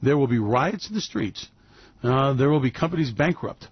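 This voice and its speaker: A man's voice: medium pitch, animated, normal speed, breathy edge, no echo, muffled recording. A man hosting a radio show, talking in a rambling, emphatic monologue full of fillers and restarts. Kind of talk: opinionated monologue.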